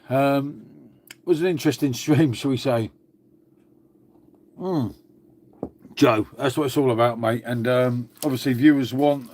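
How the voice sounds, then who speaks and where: A man's voice: medium pitch, a little mellow, a little hiss or hum. A man from England hosting a casual live stream from home, rambling and calling viewers "mate". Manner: rambling, repeats "mate" and "shall we say". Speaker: livestream host. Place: at home indoors.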